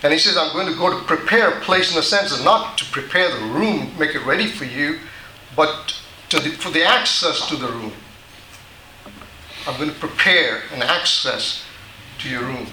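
A man's voice: on the high side, animated, moderate pace, pushed and bright, reverberant, a little hiss or hum, low-quality recording. A man preaching a sermon, teaching patiently and often restarting his sentences. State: dry mouth. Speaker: pastor.

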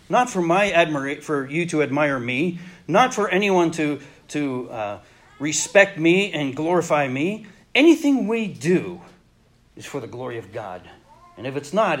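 A man preaching a sermon in an earnest way, pausing and restarting, his voice dropping soft when he turns reflective. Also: fairly high pitch.

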